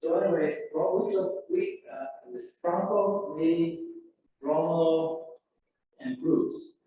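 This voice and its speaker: An older man telling an animated anecdote at an alumni event, acting out the people he quotes. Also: a little high, slow pace. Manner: animated, acts out quoted voices and sound effects. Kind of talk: anecdotal storytelling. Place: event room. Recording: echoey room from far off, faint noise.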